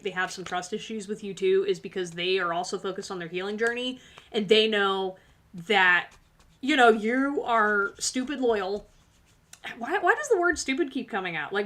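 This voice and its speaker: A woman with a slightly high, fairly bright voice hosts a tarot livestream. She talks casually and sassily straight to her viewers, laughing often.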